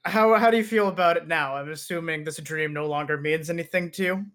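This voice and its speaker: Male co-host with a higher voice, deadpan teasing tone, laid-back chat. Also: a little fast. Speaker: podcast co-host. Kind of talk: casual chat.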